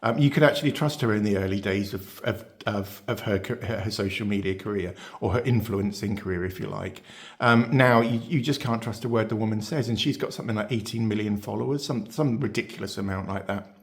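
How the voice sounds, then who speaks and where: A man hosting his beauty channel talks casually to camera, chatty and rambling, with lots of fillers, restarts and rhetorical questions. His voice is fairly low and he speaks a little fast.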